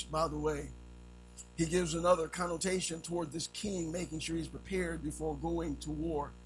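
A man preaching a sermon, telling a story with sound effects and swinging between loud and hushed delivery. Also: a little high, rough recording.

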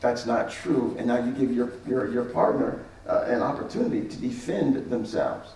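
A man's voice: mid-range voice, lively intonation, moderate pace, warm tone, a little hiss or hum. A man preaching as a pastor, teaching on marriage and acting out both sides of an argument with repeated phrases. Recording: echoey hall, mic at a distance.

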